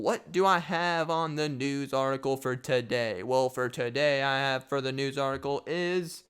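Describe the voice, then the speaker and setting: Solo podcast host, male, smooth clear voice, loose jokey rambler. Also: mid-range voice, a little slow, hardly any pauses, a bit bright. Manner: rambling, jokey, riffs and repeats himself. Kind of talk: solo comedic podcast rant.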